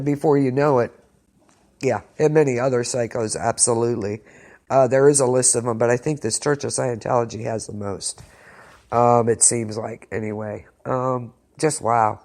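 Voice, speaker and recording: A man's voice: medium pitch, darkish tone. A man hosting an internet radio show, talking in a rambling, hesitant way with many fillers and restarts, often sounding incredulous. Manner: incredulous, keeps saying wow. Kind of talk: casual chat.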